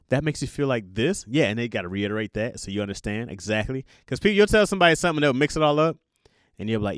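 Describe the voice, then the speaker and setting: Animated man telling stories, dry sound. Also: medium pitch, quick pace, no echo. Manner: animated storytelling with voiced asides and laughs. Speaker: podcast host. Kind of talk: casual monologue.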